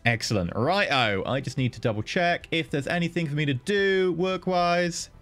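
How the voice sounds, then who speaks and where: A man livestreams a strategy game, giving casual commentary and chatting playfully with his viewers, thanking them and joking as he plays. His pace is moderate, and his voice bursts into a high, excited pitch now and then. Faint music plays behind him.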